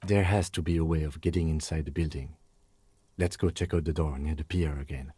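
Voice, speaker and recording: An actor voicing a calm, pragmatic male police lieutenant in a game, speaking in a measured way. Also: extremely low pitch, slightly rough, dry recording. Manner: measured, matter-of-fact. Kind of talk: scripted game dialogue.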